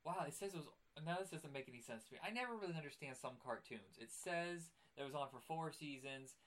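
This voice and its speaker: A man's voice: on the high side, expressive, fast talker, a bit bright. A man co-hosting a casual cartoon review chat, rambling and correcting himself, laughing often. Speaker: podcast co-host.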